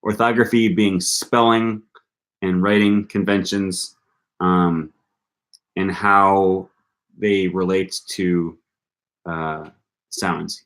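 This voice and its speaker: Young man, very low voice; casual live-stream study talk, thinks aloud, repeats sounds. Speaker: language-learning streamer.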